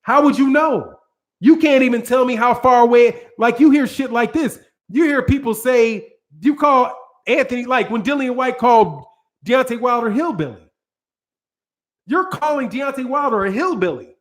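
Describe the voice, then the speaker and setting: A man's voice: very high voice, lively intonation, normal speed. An American man hosting a boxing channel, ranting in a casual, profane, slangy way with plenty of rambling and restarts. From United States.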